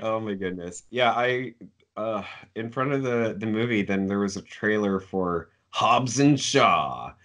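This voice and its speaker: A man's voice: on the low side, expressive, unhurried, fairly bright tone. A man from Canada co-hosting a casual film review podcast, rambling good-humoredly and laughing often. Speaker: podcast co-host.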